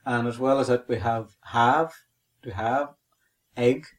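Guy teaching, says each phrase twice real slow, patient. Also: medium pitch, fairly even intonation. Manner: patient, repeats phrases slowly for learners. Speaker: Irish language teacher. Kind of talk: podcast language lesson.

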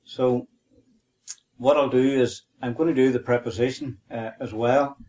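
A man's voice: medium pitch, steady tone, a little slow, darkish tone. A man with a Northern Irish accent co-hosting a podcast, teaching a language lesson methodically and spelling and repeating words.

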